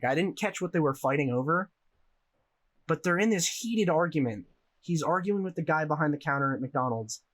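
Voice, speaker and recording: A young American man co-hosting a podcast, telling a story in a rambling way with lots of swearing and laughter. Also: a little high. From United States. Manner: profane, rambling, laughs while telling stories. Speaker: podcast co-host. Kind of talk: casual storytelling chat.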